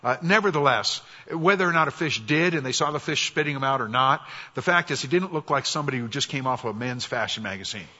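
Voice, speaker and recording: A guest preacher with a forceful, slightly husky voice, telling scripture stories in a casual, wry way. The recording is dull and lo-fi, and a long reverb trails through a large hall. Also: male voice, mid-range voice, animated, quick pace, hardly any pauses. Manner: conversational and wry, drops soft for quoted prayers. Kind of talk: sermon. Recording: dull, echoey church hall.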